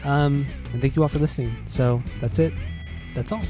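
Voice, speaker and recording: A man's voice: mid-range voice, fairly even intonation, normal speed, over music. Rambling, swearing male podcast host. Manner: rambling, restarts and swears freely. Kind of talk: casual podcast chat about music.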